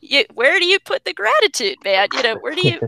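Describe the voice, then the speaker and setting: A woman guest in casual conversation over a video call, animated and talking through ideas with many restarts. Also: high voice, a little fast, vocal fry, dry recording.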